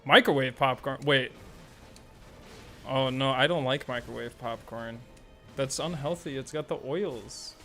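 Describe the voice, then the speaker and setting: A young man chatting casually on a live gaming stream, excitable and rambling, swearing freely. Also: medium pitch, measured pace, pauses often, soft background music.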